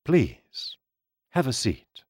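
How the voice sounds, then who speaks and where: A man voicing Mister Lee, an aging, smooth-spoken crime boss with a calm, formal, measured manner. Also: medium pitch, dry recording, clean studio sound, voice pushed up, exaggerated voice.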